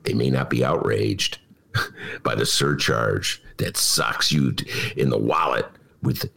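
A man's voice: a bass voice, takes it slowly, vocal fry, bright, forceful tone, slight background noise. A man hosting a talk show from his apartment, in a mock-outraged, theatrical manner that breaks into laughter at his own jokes. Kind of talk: comic casual monologue. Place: home apartment.

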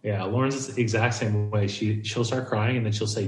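Easygoing low-voiced man in an echoey room. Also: steady tone, brisk, hardly any pauses, darkish tone. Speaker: podcast guest. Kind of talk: casual chat over video call. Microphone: video call. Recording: echoey room with faint noise.

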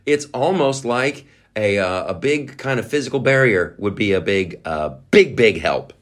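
A podcast host with a lowish voice rants about politics, profane and sarcastic, mocking people in put-on voices. He's animated and unhurried, with few pauses.

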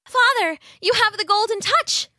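A woman voicing a gentle young princess speaking to her father. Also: very high-pitched, normal speed, no room sound, clean studio sound, voice pushed up. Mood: amazed.

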